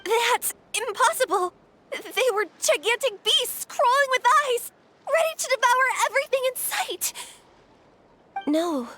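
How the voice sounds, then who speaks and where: A woman voicing a gentle young woman warrior haunted by fear, in earnest, soft-spoken game dialogue. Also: sits high, a little slow, pauses often, slight background noise. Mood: panicked. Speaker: game character. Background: faint game music.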